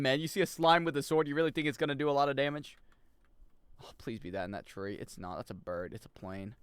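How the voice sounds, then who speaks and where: Excitable male game streamer, lively pitch. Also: dry recording. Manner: excitable, jokey, reacts loudly and reads chat aloud. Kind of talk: live gaming commentary.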